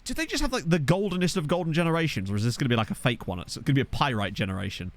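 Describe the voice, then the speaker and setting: A man's voice: a little high, animated, racing, no room sound. A young man chatting casually while streaming a game, joking about viewers' names and reading the chat. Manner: jokey, riffing on viewers' names.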